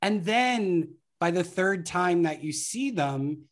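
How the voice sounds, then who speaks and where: A guest on an interview explains marketing in a casual way, with a voice of middling pitch. The talk runs on anecdotes and acted-out street scenes. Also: animated, takes it slowly. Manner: anecdotal, acts out scenarios.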